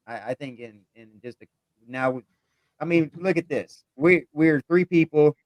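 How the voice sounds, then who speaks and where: A man's voice: fairly high pitch, measured pace, no room sound. A man, a guest in a casual video call chat, easygoing and repeating words as he talks. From United States.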